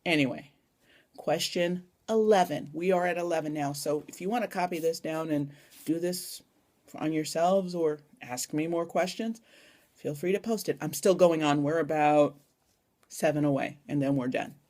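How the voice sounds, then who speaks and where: A woman's voice: sits low, moderate pace, a little mellow. A young woman chatting casually in a vlog tag, rambling and adding little asides, recorded on a phone camera. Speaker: vlogger.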